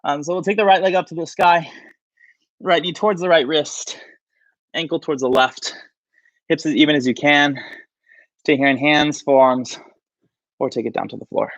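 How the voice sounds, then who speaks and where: A man's voice: fairly high pitch, fairly even intonation, normal speed, pauses often, fairly bright tone, dry recording. A man leading a livestreamed yoga class, casually counting down poses while out of breath. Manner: counts down holds, casual and chatty. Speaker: yoga instructor. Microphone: livestream mic.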